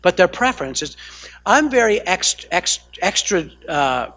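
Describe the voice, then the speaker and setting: Here an American man who works as a counselor leads a family training session, lecturing a live audience in a conversational way, regularly tossing in "right?" and fixing his sentences partway through. The voice is high-pitched and fairly bright, very animated yet a little slow. No room sound is present.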